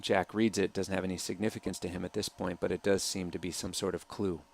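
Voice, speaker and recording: A man talking through footage of his own film as director, soft-spoken and hesitant, with many pauses and filler sounds. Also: sits low, level tone, creaky. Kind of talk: commentary over a film trailer.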